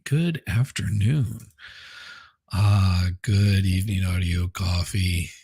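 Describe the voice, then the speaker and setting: Gravelly man hosting a livestream. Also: lowish voice, fairly bright tone. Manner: chatty, greets viewers one by one, frequent restarts. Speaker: livestream host. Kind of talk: casual livestream chat greeting viewers. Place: home, indoors.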